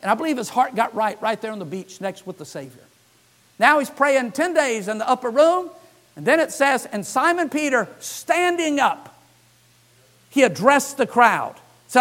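High-voiced animated preacher, man. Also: normal speed. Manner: animated storytelling, acts out the scripture characters' lines; frequent "uh" fillers. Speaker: pastor. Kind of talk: sermon.

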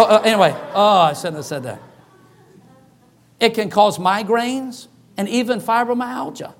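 High-voiced man preaching a story sermon. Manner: animated, acts out quoted voices. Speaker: pastor.

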